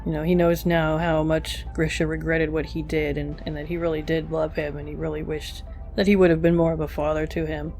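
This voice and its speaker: An anime reviewer talks through an episode in a relaxed, musing way, pausing on fillers as the thoughts come. The voice sits at a middle pitch. Quiet music plays underneath. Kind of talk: casual episode review while drawing. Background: faint background music.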